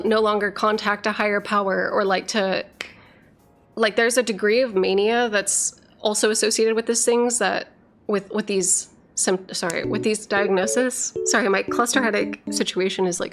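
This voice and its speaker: A woman's voice: medium pitch, steady tone, moderate pace, soft background music. A woman streamer chatting casually with her viewers. She rambles with lots of fillers and restarts, swears freely, and struggles a little to get her words out. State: struggling to articulate, slurring slightly. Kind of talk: casual live-stream chat, reading viewer messages.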